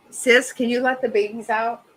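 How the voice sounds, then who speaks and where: A woman in her fifties hosts a livestream, chatting casually with viewers and reacting bluntly and profanely to a trial. Her voice is on the high side and a bit bright, on a rough recording.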